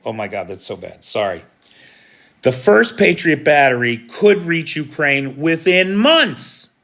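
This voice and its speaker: An American man delivers live news commentary, talking it through in a casual, opinionated way. His voice is bright and forward, and he keeps checking in with rhetorical questions. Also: on the high side. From United States. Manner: conversational, opinionated, frequent rhetorical "right?".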